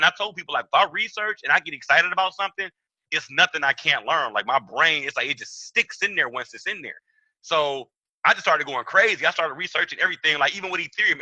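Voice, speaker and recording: A young man, telling a story in an animated way and acting out the dialogue in a raised voice. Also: fairly high pitch, no echo, low-quality recording. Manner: excitable, acts out quoted dialogue in raised voice. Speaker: trading trainer.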